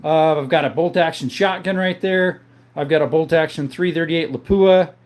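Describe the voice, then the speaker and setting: A man with a fairly high-pitched voice hosts a laid-back livestream from home. He reads out viewer names and chats back, easygoing and unhurried. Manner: calls viewers brother. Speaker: livestream host answering viewer chat. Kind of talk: casual live chat. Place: home, in front of a counter.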